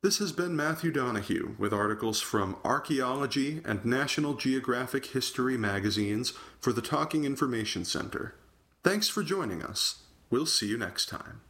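A man volunteer reader calmly reading magazine articles aloud. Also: mid-range voice, moderate pace.

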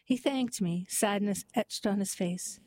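A woman narrating a heartwarming story and then reading a poem aloud in a gentle, even storytelling manner. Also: medium pitch, measured pace, slight background noise, poor audio.

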